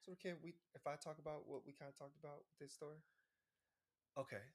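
A man co-hosting a podcast, telling stories in casual chat and acting out quotes. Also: fast. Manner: animated, acts out quotes in high voices. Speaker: podcast co-host.

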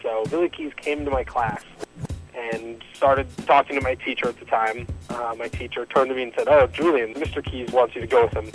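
A man's voice: mid-range voice, steady tone, brisk, faint music behind, poor audio. A man casually telling a personal story for a radio show, acting out the dialogue as he goes. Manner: casual, acts out quoted dialogue.

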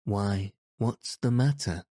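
A man's voice: fairly low pitch, steady tone, slow, dark tone, no echo, studio quality. A man voicing a friendly, eager wandering man in a children's storybook reading.

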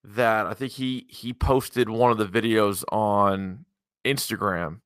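Bright-voiced, profane casual man. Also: fairly low pitch, fairly even intonation, takes it slowly, clean tone, no room sound, studio quality. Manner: loose, profane, rambling. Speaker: podcast co-host. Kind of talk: casual chat.

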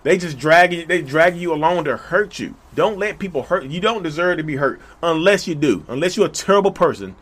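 Guy on his channel, lively swooping voice, kinda high, gets hyped and loud. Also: a little fast, hardly any pauses. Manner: animated, gets loud and hyped, talks straight to viewers. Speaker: YouTube channel host. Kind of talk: casual direct-to-camera talk.

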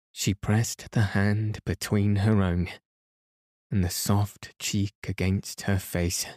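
A man reading a classic story aloud as a soothing bedtime narration, in a soft, even, unhurried manner. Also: low-pitched, no echo, clean studio sound. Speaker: podcast host and reader.

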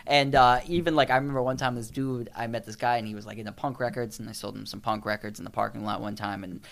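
A man's voice: mid-range voice, fairly even intonation, fast, gravelly, a bit bright. A man co-hosting a podcast in casual chat, rambling through stories and acting out the people in them. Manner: rambling storyteller, acts out quoted voices. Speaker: podcast co-host.

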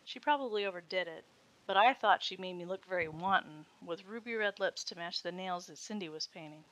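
A woman reading a first-person story aloud as its narrator, in a steady storytelling manner. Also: fairly low pitch, fairly quick, highs cut off. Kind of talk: scripted erotic story narration.

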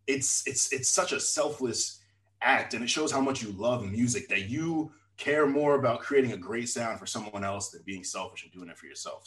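A man's voice: mid-range voice, fairly bright tone, low-quality recording. A man hosting a podcast in casual chat, hyping people up and laughing often. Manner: laughs often, hypes up guests. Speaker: podcast host.

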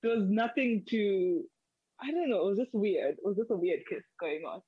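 A woman with a mid-range voice, rambling through her thoughts with lots of "like" and restarts. Her voice sounds dry and a little muffled, as if from a dull, low-fi mic. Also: expressive, normal speed, breathy edge, no echo. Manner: rambling, many "like" fillers and restarts. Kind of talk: casual chat.

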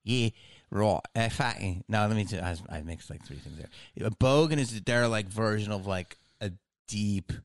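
Rambling low-voiced man chatting. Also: moderate pace, dry recording, clean studio sound. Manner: rambling, swears, laughs often. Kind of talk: casual comedic chat.

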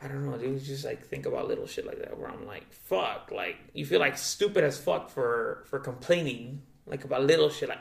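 A man's voice: medium pitch, lively intonation, moderate pace, vocal fry, hardly any pauses. A young man talking in a casual, rambling way, swearing a lot and saying "dude" often. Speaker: guest. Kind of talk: casual chat. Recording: echoey room.

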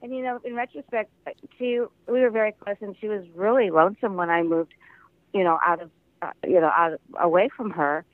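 A man's voice: sits high, a little fast, no echo. An older man, an actor from the American Midwest, chatting as a guest in a phone interview and telling stories with frequent laughter. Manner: chatty storyteller, laughs often. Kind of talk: casual interview over the phone. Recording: tinny phone line, dry.

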